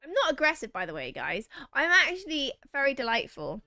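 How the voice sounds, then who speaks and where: Sing-song and high-pitched, a woman streaming a video game chats at normal speed, reading viewers' messages aloud and bantering playfully with them. Her sound is close and dry, without room sound, over faint game music.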